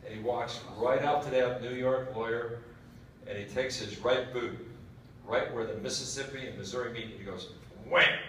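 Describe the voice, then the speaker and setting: A man tells a long, folksy joke and throws questions at his audience. His voice sits at a middle pitch and comes from a distance in a very echoey hall, with faint room noise behind it. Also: steady tone, moderate pace, a bit bright. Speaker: speaker at a military education session. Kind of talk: storytelling lecture.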